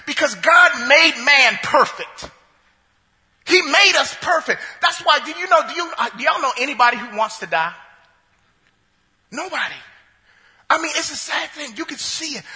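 A male pastor preaching a sermon, emphatic and repetitive, building up to shouts. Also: extremely high pitch, big-room sound.

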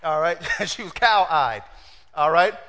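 A man preaching a sermon in an animated way, asking his congregation questions and acting out the quotes. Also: a little high, a little slow, long reverb tail.

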